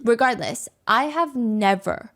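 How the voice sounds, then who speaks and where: A woman's voice: a little high, lively intonation, unhurried, a bit bright. A woman hosting a reaction commentary show, speaking in an indignant, sarcastic, conversational way. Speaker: commentary host.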